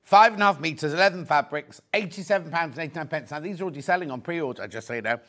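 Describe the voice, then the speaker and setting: A man's voice: a little high, fast, fairly bright tone. A man presenting fabrics on a live shopping show, chatty and effusive, thinking aloud as he goes. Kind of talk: live product demonstration.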